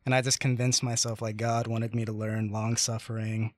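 A young man in his twenties hosting a casual chat, telling a story with lots of fillers and animated pacing. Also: lowish voice, normal speed, no room sound, studio quality.

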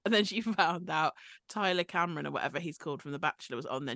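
A woman's voice: lowish voice, brisk, no room sound. Chatty woman, dry close sound. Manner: chatty, animated, quotes people in mock voices. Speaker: podcast co-host. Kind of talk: casual chat about reality TV.

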